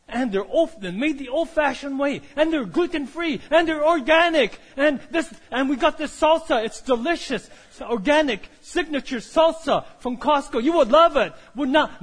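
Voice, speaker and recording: A man voicing an eager woman handing out store samples, giving a pushy, breathless sales pitch. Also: sing-song, slow pace, fairly bright tone, breathy edge, long reverb tail, full character voice.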